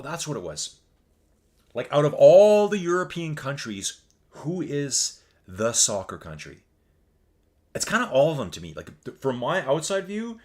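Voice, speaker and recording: Speaking in a mid-range voice, a man with a Canadian accent offers loose, meandering live-stream commentary on a virtual bike race. He's Canadian and reads his viewers' chat messages aloud.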